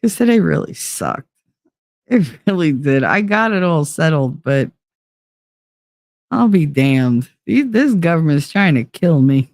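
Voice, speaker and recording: A woman's voice: low-pitched, a little slow, no room sound, studio quality. Chatty, profane woman streamer. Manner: chatty, profane and animated, laughing often. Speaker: livestream host. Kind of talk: casual livestream chat reading viewer messages.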